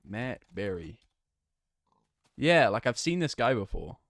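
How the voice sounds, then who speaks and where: A man's voice: medium pitch, big pitch swings, takes it slowly, a bit bright, no room sound, studio quality. A young man streaming a game, chatting casually and laughing, flustered and rambling. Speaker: gaming streamer.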